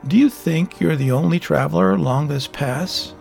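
A man's voice: a little high, normal speed, creaky, a little mellow, soft background music, pitched above the performer's own voice. A man voicing a sly, mocking old hermit. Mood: taunting. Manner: taunting, condescending.

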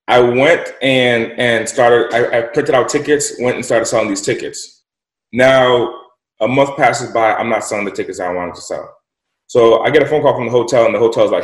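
A young man as an interview guest, telling a story in a lively, slangy way with lots of repeated words. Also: mid-range voice, normal speed. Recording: roomy echo.

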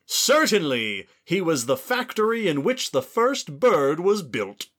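A man voicing a pompous old-timey British gentleman writer, declaiming theatrically in a put-on old-fashioned British accent. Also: a little high, big pitch swings, a little slow, pitched above the performer's own voice, heavily acted. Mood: grandiloquent.

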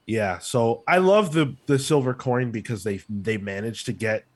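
A man chatting casually on a podcast and musing over ideas with many fillers. His voice sits at a middle pitch. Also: normal speed. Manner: thoughtful, filler-heavy musing. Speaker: podcast co-host. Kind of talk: casual comic book chat.

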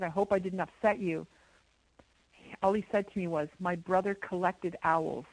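A middle-aged woman from Canada, a guest in an interview, telling a story in an animated way with many repeated words. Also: mid-range voice, dry recording, rough recording. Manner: animated, repeats words, imitates owl hoots.

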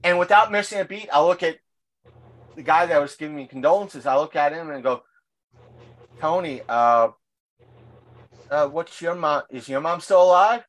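A man's voice: fairly high pitch, normal speed, pauses often. A man co-hosting a podcast in casual chat, rambling through stories with many fillers and restarts, blunt and crude in his words. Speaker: podcast co-host.

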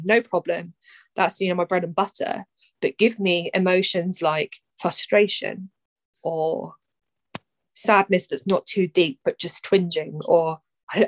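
A young woman, a poet talking candidly as a podcast guest, animated, swearing freely and often pausing on fillers. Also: on the low side, no room sound, poor audio. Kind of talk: candid conversational chat.

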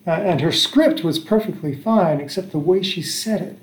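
A man's voice: high voice, normal speed. A man in his sixties from the United States, casually telling a family about his travels, with a rambling manner full of fillers and restarts. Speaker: father recalling travels. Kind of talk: casual storytelling chat. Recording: echoey room.

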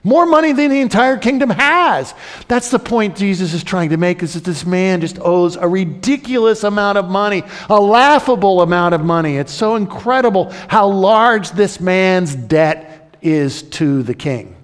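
A man preaches a sermon with lively energy, breaking into raised, dramatic voices for the characters in his story. His voice sits on the higher side for a man. Long reverb from a large hall trails after each phrase. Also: normal speed. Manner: animated, acts out the crowd and king in raised voices. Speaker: pastor.

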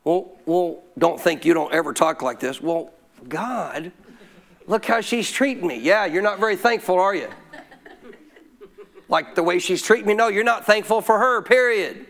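Middle-aged man, pastor, high voice, punchy call-and-response preaching. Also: normal speed, creaky, fairly bright tone. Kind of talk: sermon.

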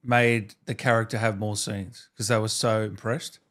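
A man's voice: on the low side, level tone, normal speed, a bit bright. A male host asking curious, encouraging questions in a casual interview. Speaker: podcast host.

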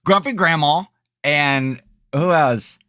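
A man's voice: a little high, slow pace, sharp tone, dry recording. Chatty man podcaster, dry sound. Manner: chatty, laughs often, rambling restarts. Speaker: podcast co-host. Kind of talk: casual chat.

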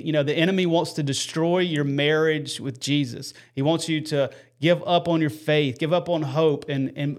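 A man hosting a Christian live show with his wife, talking earnestly and greeting viewers by name. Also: a little high. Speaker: host of a Christian web show. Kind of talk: casual faith talk and viewer shout-outs.

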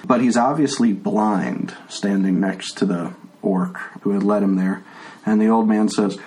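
A man narrating as game master in a relaxed, chatty way. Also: fairly low pitch, unhurried, poor audio.

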